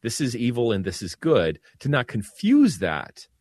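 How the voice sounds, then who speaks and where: A man's voice: medium pitch, normal speed, slightly rough, no echo, clean studio sound. A man who is a Catholic priest, talking earnestly in a casual discussion, often restarting his sentences. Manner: earnest, animated, many restarts.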